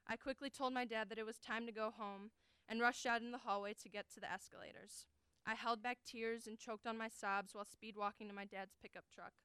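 A young adult woman giving an earnest, deliberate dramatic reading of first-person prose as a college forensics performer. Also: fairly high pitch, steady tone, sharp tone, clean tone, no echo. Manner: earnest, deliberate, emotionally weighted delivery.

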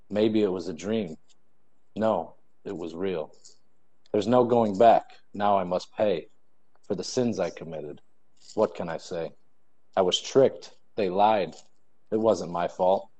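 A man's voice: deep voice, dark tone. A young man reading his own rhyming poems aloud at an online poetry event over a video call. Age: young adult. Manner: measured rhyming recitation. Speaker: student poet.

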